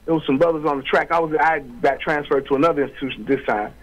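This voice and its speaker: A man's voice: on the high side, fast, lo-fi sound. A middle-aged man, a guest author, telling his story in an interview with streetwise slang, acting out quoted voices.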